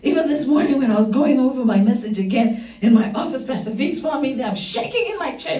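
A woman pastor preaching a sermon, growing excited and breaking into shouts and laughter. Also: high-pitched, moderate pace. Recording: roomy church hall, voice from far off.

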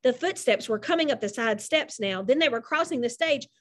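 Expressive high-voiced woman reading aloud. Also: fairly quick. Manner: expressive, animated narration. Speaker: narrator.

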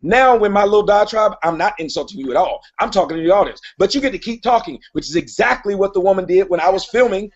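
A man's voice: sits high, lively intonation, quick pace, few pauses, highs cut off. A man hosting a live online hangout, arguing with a caller, often cutting in and asking to finish his point. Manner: argumentative, cuts in, keeps repeating "wait a minute". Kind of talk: heated live debate. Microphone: online call audio.

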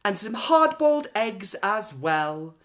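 A woman voicing a greedy, excitable young girl who is always hungry, gushing and wailing in a high, loud voice. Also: slow. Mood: delighted.

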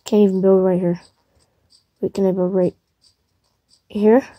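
A woman giving casual commentary to herself while playing a game, excitable and chatty. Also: medium pitch, a little slow, dry recording, highs cut off. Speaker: gamer streaming gameplay. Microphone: device mic while playing on a tablet.

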